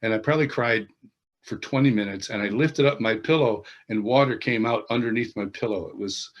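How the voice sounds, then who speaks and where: A man's voice: medium pitch, lo-fi sound. Earnest man telling a testimony. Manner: earnest, halting, often restarts sentences. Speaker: interviewed author and worship leader. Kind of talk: personal testimony storytelling.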